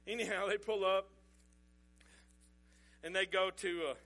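A man's voice: high-pitched, steady tone, unhurried, pushed and bright. A middle-aged man, telling a folksy, chuckling story as a sermon illustration. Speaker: pastor.

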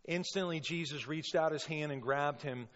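A man preaching a sermon as a pastor, impassioned and storytelling, with sudden loud bursts when he acts out quotes. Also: on the high side, normal speed. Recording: long reverb, dull sound.

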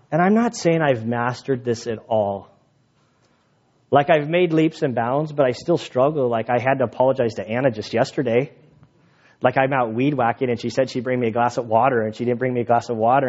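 A man's voice: mid-range voice, fairly quick, darkish tone. A man in his thirties, a pastor preaching a sermon as a casual personal story, full of fillers like "like" and "I mean". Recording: dull lo-fi sound.

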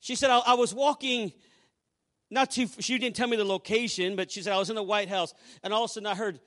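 Speaking fast with a steady tone, a high-pitched man preaches to a congregation, weaving a story into his sermon. His volume swings from hushed asides up to loud outbursts.

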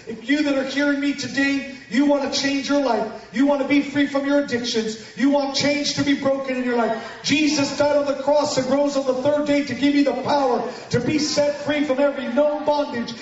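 A man giving a sermon testimony to a congregation, telling his story with animated bursts of shouting and banter with the crowd. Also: extremely high pitch, fairly quick, hardly any pauses. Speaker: guest preacher giving testimony. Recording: echoey hall from far off, dull sound.

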